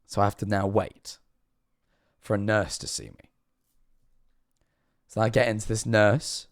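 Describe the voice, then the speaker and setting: Animated streamer, swearing freely. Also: male voice, lowish voice, a little slow, dry recording, clean studio sound. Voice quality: animated, swearing, self-mocking. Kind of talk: casual storytelling to a live stream chat.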